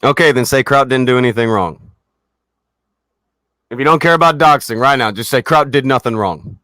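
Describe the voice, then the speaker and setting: A man on a livestream, ranting with a mocking, sarcastic edge and plenty of swearing. His voice sits at an ordinary middle pitch and sounds dry and close, with no room around it. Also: moderate pace, bright, forceful tone, no room sound. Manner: mocking, sarcastic taunting with laughs. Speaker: livestream host. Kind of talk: profane livestream rant.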